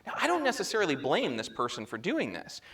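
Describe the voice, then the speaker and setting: A man presenting at a security chapter meeting, telling a story in a lively way and acting out the dialogue, speaking into a handheld microphone. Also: fairly high pitch, fast talker. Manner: animated storyteller who acts out quoted dialogue. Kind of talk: conference talk, storytelling. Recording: echoey room, faint background noise.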